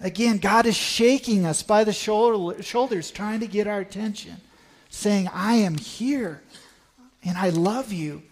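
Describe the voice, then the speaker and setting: Earnest, high-voiced male church speaker. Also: unhurried. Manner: earnest, animated, leads the congregation in an exercise. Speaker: church speaker sharing a mission trip. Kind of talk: sermon.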